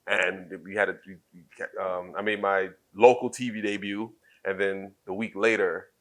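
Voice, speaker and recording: Guy in his 30s with a lowish voice, chatty storyteller, does all the voices in his stories. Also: normal speed. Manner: animated storyteller who acts out quoted dialogue. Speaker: interview guest, former wrestler. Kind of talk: casual shoot interview storytelling.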